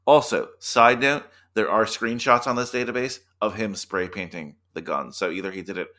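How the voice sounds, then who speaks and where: A man's voice: lowish voice, moderate pace, pushed and bright. A man co-hosting a podcast in casual chat, making wry, chatty asides. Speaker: podcast co-host.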